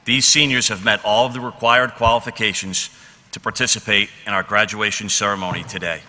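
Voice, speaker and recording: A man's voice: on the low side, fairly even intonation, fairly quick, sharp tone. A man, the school principal, formally presenting the graduating class at a ceremony. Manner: formal announcing. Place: large graduation venue. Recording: long reverb of a large hall.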